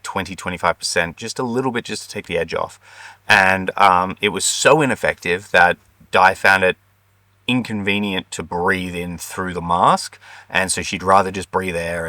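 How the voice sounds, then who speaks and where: Deep-voiced Australian man, earnest storyteller. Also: sharp tone, dry recording. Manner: earnest, heartfelt, many ums. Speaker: vlogger co-host. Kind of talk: personal storytelling.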